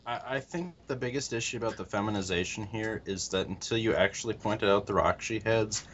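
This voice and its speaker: A man's voice: fairly low pitch, a little fast, a bit bright, slight background noise. A man appearing as a podcast guest who builds custom parts and talks in a laid-back, matter-of-fact way. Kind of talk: casual podcast chat. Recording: dull lo-fi audio.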